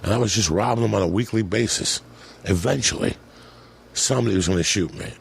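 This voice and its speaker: A man's voice: on the low side, fast talker, vocal fry. A middle-aged man, a comedian, telling profane stories on a podcast and acting out the people in them. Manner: profane, animated storyteller doing voices. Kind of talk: storytelling on a podcast.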